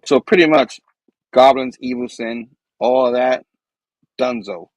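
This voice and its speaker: A man hosts a casual comic book review chat, enthusiastic and rambling, acting out characters' lines. His medium-pitched voice takes things slowly, and the recording is dry and rough.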